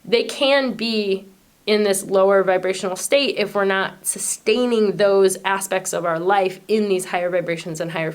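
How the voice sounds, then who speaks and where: A woman hosting her own channel, explaining a spiritual idea in a casual, earnest way that wanders, with frequent fillers and restarts. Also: fairly low pitch. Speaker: channel host.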